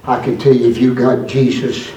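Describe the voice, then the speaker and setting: A man preaching a fervent sermon, going from low, measured speech to high, shouted preaching. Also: little pitch movement, lo-fi sound, slight background noise. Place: church. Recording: echoey church room, far from mic, congregation.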